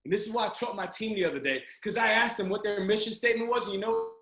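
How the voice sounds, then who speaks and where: A man giving an energetic motivational pep talk to a sales team over a video call, often shouting and urging listeners on. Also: high-pitched, fast, few pauses. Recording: roomy video call audio.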